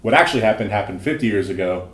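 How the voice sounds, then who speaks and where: A man's voice: lowish voice, lively intonation, very fast, a bit bright. Dry, opinionated young man, echoey room. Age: young adult. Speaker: podcast co-host. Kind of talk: casual chat.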